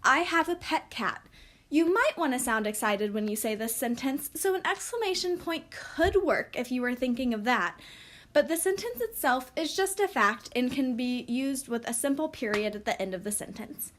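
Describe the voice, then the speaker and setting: A woman teaching a recorded lesson, speaking slowly and clearly for young children. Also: sits high, animated.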